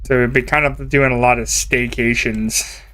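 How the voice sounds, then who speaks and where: A man's voice: mid-range voice, steady tone, normal speed, sharp tone. A young man from Canada chatting casually and rambling while he streams a game, laughing often. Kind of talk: casual chat while gaming.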